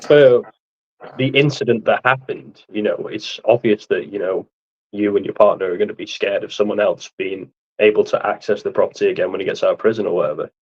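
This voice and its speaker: A sympathetic man speaking in a low voice, chatting casually and reassuringly on a livestream. His audio comes through dull and lo-fi, like a call line. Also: steady tone, brisk, darkish tone, husky. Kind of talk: casual chat.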